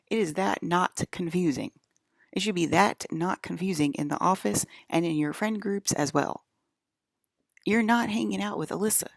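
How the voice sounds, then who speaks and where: A woman's voice: lowish voice, vocal fry, no echo, studio quality. A woman vlogging in a rambling casual monologue, talking straight to her viewers and repeating her points with emphasis. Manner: emphatic, repeats herself, addresses viewers directly.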